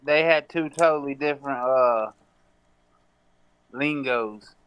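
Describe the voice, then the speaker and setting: A man's voice: mid-range voice, slow, clean tone, highs cut off. A man joining a live stream over a video call, chatting casually and agreeing often with short replies. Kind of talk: casual chat.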